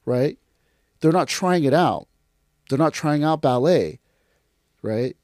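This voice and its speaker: Animated male podcast host. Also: slow pace, dry recording, clean studio sound. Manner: animated, acts out mocking commenters in sudden high voices. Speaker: podcast host and martial arts teacher. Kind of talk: casual podcast chat.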